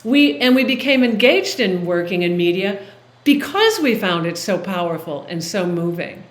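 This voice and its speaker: A woman's voice: medium pitch, big pitch swings, moderate pace. Enthusiastic woman guest in an echoey room. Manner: warm, enthusiastic, laughs easily. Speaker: video producer and director, interview guest. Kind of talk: casual interview conversation.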